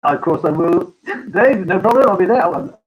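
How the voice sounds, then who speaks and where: A man, a farmer, hosting a casual live-stream chat, talking haltingly with many ums and restarts. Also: high-pitched, expressive, dull audio.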